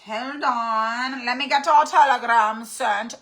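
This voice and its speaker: A woman's voice: on the high side, slow pace, fairly bright tone. A woman hosting a live-stream craft tutorial, chatty and rambling as she greets viewers by name. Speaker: craft channel host.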